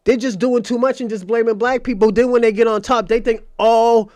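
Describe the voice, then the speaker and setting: A man with a high-pitched voice hosts a casual livestream commentary. He argues emphatically, with profanity and repetition. The sound is dry and close, with no room around it. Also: fairly even intonation, a little fast, darkish tone, dry recording. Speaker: host of a commentary channel.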